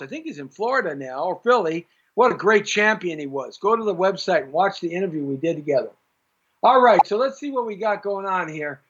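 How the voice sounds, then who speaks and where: A middle-aged man hosts a live-streamed talk show in a high, sharp voice, heard through dull lo-fi stream audio. He rambles in a jokey, opinionated way and reads out viewers' comments.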